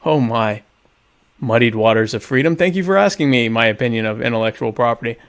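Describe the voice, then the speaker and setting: A man's voice: medium pitch, expressive, fairly quick. A young man hosting a casual live-streamed talk show, reading viewer questions aloud and answering with sardonic, mock-pompous humor. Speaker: podcast host.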